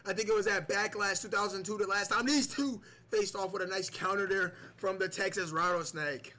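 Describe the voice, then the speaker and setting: A man calls a wrestling video game match in excitable play-by-play. His voice sits high and bright, and it jumps up into yells whenever a big move lands. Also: brisk, hardly any pauses.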